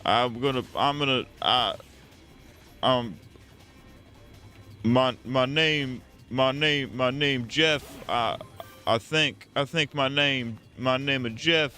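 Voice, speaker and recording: A man's voice: mid-range voice, pushed and bright, faint music behind. A man putting on the voice of a rambling, confused old male politician who stutters and restarts every phrase. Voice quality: stuttering, endless halting restarts.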